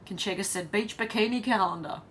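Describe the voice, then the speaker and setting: A woman's voice: mid-range voice, a little fast, a bit bright, slight background noise. An Australian woman hosting a casual live stream, reading viewer comments aloud, chatty and blunt, laughing often and swearing.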